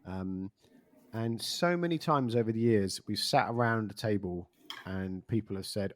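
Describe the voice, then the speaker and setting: Low-voiced rambling man host. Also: normal speed. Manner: rambling, self-interrupting. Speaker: podcast host. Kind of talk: casual interview chat.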